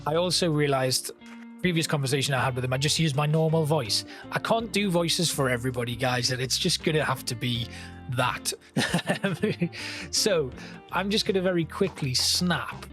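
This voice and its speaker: A man's voice: a little high, normal speed, fairly bright tone, faint music behind. A man giving casual gameplay commentary, chatting and thinking aloud as he plays and reads game text.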